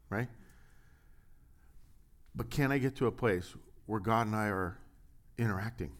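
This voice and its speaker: A man's voice: on the low side, a bit bright. A man preaching a sermon from a church stage, asking lots of rhetorical questions with a bit of humor. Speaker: pastor.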